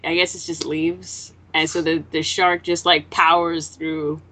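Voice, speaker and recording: Lively woman recapping a manga chapter. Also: low-pitched, measured pace. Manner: animated retelling, acting out characters' lines; swears casually. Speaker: podcast co-host.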